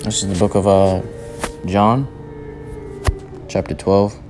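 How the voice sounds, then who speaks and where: Forceful man preaching over faint music. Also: sits low, steady tone, slow pace. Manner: forceful, repetitive, slangy preaching. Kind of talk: street-style sermon reading scripture.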